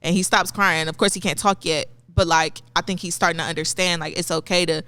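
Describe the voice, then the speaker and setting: A young woman with a low, smooth voice, speaking as a guest on a podcast. She is a young mother and talks in a calm, supportive way. The sound is close and dry. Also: brisk, dry recording. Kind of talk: casual chat.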